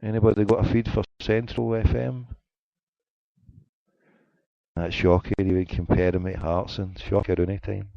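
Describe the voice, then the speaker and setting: In a flat, low voice with vocal fry, a man rants at a moderate pace, leaving long pauses as he talks to a live chat on his internet radio stream. His casual rant is mock-indignant and joking, captured in dry, dull lo-fi audio without echo.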